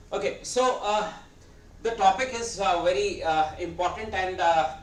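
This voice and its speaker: A man in his fifties with an Indian English accent, giving a rambling, hesitant guest lecture while nursing a sore throat. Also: high voice. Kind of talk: conversational lecture. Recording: roomy hall, distant mic, faint ambience.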